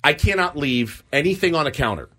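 A man co-hosting a morning sports radio show, telling a self-mocking story in an animated way and acting out the scenes. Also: on the high side, a little fast.

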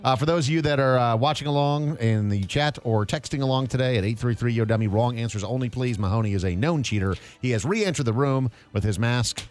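A man's voice: mid-range voice, a little fast, hardly any pauses. A man hosting a radio show, running a quiz with teasing banter at the studio microphone. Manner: lively, teasing quizmaster. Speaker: radio host.

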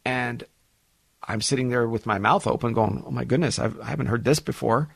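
A man hosting a financial radio talk show, telling a client story in an animated, chatty way with frequent restarts. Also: medium pitch, fairly quick, gravelly, husky, no echo.

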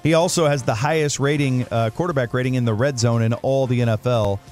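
A man's voice: medium pitch, a little fast, darkish tone, faint music behind. A man hosting a sports radio show, steering the talk and running through game previews and stats.

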